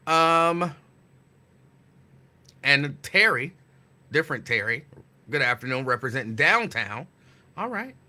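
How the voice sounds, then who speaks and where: A man hosting a casual live talk show, greeting listeners by name and teasing them playfully with loud, emphatic bursts. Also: on the high side. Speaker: radio host. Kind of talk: casual live-show chat reading listener shout-outs.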